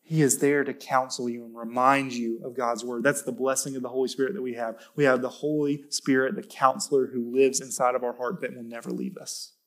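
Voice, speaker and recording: A man's voice: medium pitch, level tone, brisk, few pauses, fairly bright tone. A man preaching a sermon in a church, talking in a conversational way with restarts, then rising to emphatic, lifted stretches when he stresses a point. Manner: conversational with self-corrections and restarts. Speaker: pastor.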